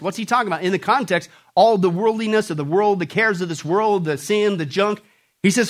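A man preaching a sermon, animated and playful, acting out jokes and mocking voices and calling on the congregation to answer back. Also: high-pitched, fairly quick. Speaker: pastor.

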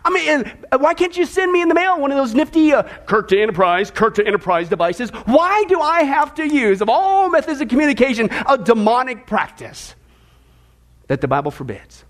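A male pastor preaching an animated, sarcastic sermon, full of rhetorical questions. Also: extremely high pitch, normal speed.

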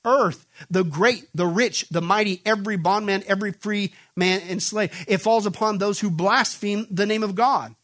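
A man's voice: sits high, normal speed, hardly any pauses, a bit bright. A male pastor preaching an emphatic sermon, often throwing questions back at the congregation. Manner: emphatic call-and-response questioning.

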